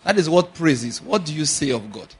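A man preaching a sermon, animated, acting out little dialogues and slowing to a measured chant on scripture. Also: on the high side, breathy edge. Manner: animated, acts out little dialogues and laughs often. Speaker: pastor.

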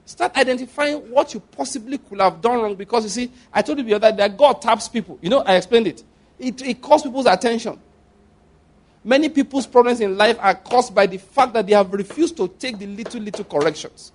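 A man's voice: very high voice, expressive, fast. A middle-aged man preaching a sermon as a pastor, in a conversational way that repeats phrases for emphasis.

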